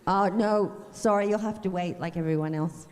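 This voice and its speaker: A woman's voice: mid-range voice, moderate pace, a little mellow. A woman moderator leading an onstage conversation in a chatty, conversational way before an audience in a large auditorium. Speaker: event moderator. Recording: long reverb of a large hall.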